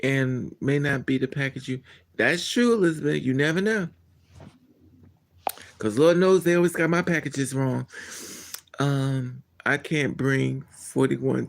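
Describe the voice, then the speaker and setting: A man hosting a casual live stream, answering his chat in a blunt, candid and animated way. He laughs often and trails off mid-thought. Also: medium pitch, vocal fry.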